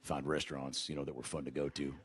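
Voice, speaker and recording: A man telling stand-up stories in a deadpan, mumbling way full of fillers, on a comedy club stage. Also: very deep voice, husky. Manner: slow, mumbling, filler-heavy delivery.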